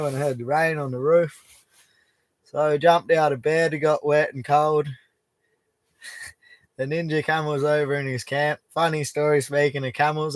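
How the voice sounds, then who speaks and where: A man's voice: on the high side, no room sound. An Australian man hosting a casual live stream from an outback bush camp, greeting viewers by name in a laid-back, matey way. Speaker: livestream host.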